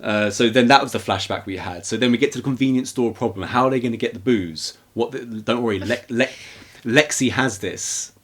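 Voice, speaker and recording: A man co-hosting a podcast, casually recapping a horror film in a rambling, animated way with acted-out quotes. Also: medium pitch, brisk. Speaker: podcast co-host. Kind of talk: casual movie recap chat.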